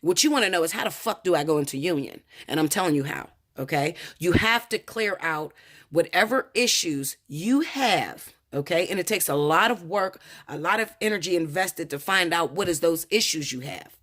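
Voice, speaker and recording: A woman's voice: on the low side, expressive, normal speed, fairly bright tone. An American woman tarot reader telling a personal story to her viewers in a blunt, profane, emphatic way, often repeating "okay?".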